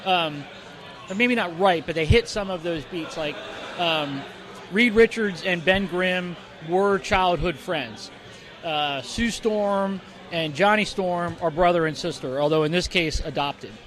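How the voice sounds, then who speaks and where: A man's voice: high voice, a little slow, a bit bright. A man co-hosting a casual podcast, rambling with lots of fillers and restarts, recorded in the corner of a bar. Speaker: podcast co-host. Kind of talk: casual chat.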